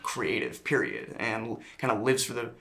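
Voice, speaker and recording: A man speaks in a junket interview with a bright, tense edge to his voice. He stops and restarts, circling for the right words before landing on a thought. He sounds like an actor thinking aloud. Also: medium pitch, animated, gravelly. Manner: halting, self-correcting, searching for words.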